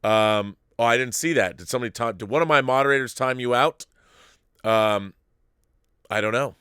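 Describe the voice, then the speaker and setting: A male live-stream host with a smooth, resonant voice at an ordinary pitch. He rambles through viewer questions in a loose, animated way, often restarting his sentences. The sound is close and dry. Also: moderate pace, no room sound. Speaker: show host reading viewer super chats. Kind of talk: casual live-stream commentary.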